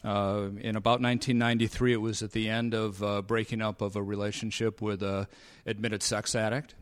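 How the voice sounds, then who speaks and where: Man, 50s, convention talk; low voice, hesitant, bone-dry wit. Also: flat delivery, no room sound. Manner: halting, frequent fillers, dry sarcastic humor. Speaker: speaker sharing recovery story. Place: convention meeting room.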